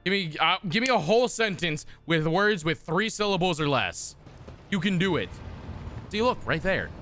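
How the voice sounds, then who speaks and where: A man's voice: high voice, big pitch swings, normal speed, a bit bright, soft background music. A man streaming a game, reading its text aloud and joking with chat in a casual, profane, mock-exasperated way from his desk.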